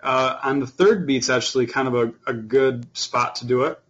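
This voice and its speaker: A man teaching an online beginner fiddle class, explaining in a relaxed way with lots of fillers. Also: mid-range voice, normal speed, muffled recording.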